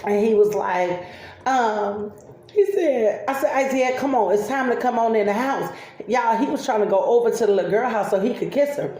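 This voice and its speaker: Laughing chatty mom vlogger, roomy kitchen. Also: female voice, a little high, normal speed, mellow. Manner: chatty, laughs often while telling stories. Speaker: vlogger and mother. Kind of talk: casual family storytelling over breakfast. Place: home kitchen table.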